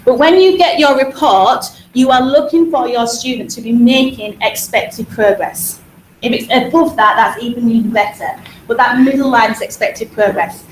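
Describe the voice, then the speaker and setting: A woman with a Hull accent, a music teacher talking quickly and energetically to parents at a school information evening. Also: on the high side, slight background noise. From Hull, England. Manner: fast-talking, energetic, repeats words for emphasis. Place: school hall. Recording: echoey hall.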